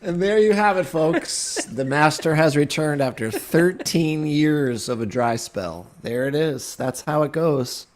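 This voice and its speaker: Brief: male co-host, wry, casual swearing, voice sits a little high. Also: a little slow, few pauses. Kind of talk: casual comedy banter.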